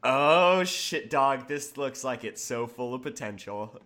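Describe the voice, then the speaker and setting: Excitable podcast co-host, man, drawn-out delivery, lively swooping pitch, bright tone. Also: slight background noise. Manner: laughs a lot, loose and excitable. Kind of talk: casual chat.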